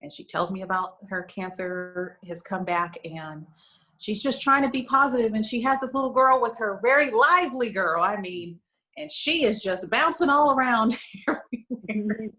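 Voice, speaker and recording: The audio is poor, but her voice comes through a little high with lively intonation and a sharp tone at normal speed. She's an American talk show guest who owns a lingerie shop, sharing an emotional story earnestly with lots of "you know."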